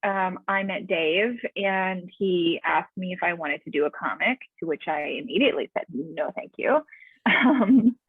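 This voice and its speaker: A woman, a guest on an interview show, talking casually in a measured, slightly hesitant way. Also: on the low side, breathy edge, dry recording. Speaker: comic artist guest. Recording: tinny dry phone-like line.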